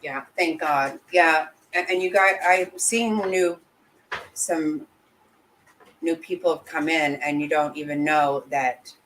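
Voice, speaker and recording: A woman's voice: deep voice, a bit bright, slight background noise, rough recording. Woman streamer, blunt and indignant, swears a lot, talks to chat. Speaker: livestream host reading chat. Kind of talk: casual livestream commentary.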